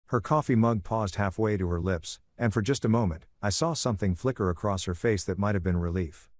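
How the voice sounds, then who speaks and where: A man narrates a first-person story in a measured, even way. His voice is fairly low, and the recording is dry and close with no room sound. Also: no echo.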